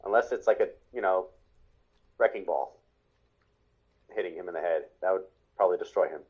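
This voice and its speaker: Low-voiced man, chatty, muffled recording. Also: fairly quick, darkish tone, breathy edge. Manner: rambling, laughs along, lots of fillers. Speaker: podcast co-host. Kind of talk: casual chat commenting on cartoons.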